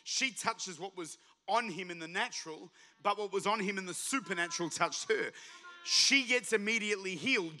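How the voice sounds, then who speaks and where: Man, pastor, passionate sermon, high voice, very bright tone. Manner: impassioned, builds to shouting, acts out voices of the story.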